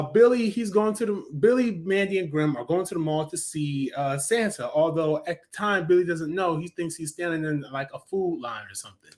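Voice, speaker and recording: A young adult man giving a casual, enthusiastic spoken review of a cartoon, chatty, with frequent fillers and self-corrections. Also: a little high.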